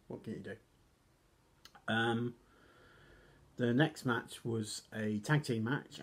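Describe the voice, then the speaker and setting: Man, casual recap, husky voice, rambling, self-deprecating, coughs often. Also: medium pitch, darkish tone. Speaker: wrestling reviewer.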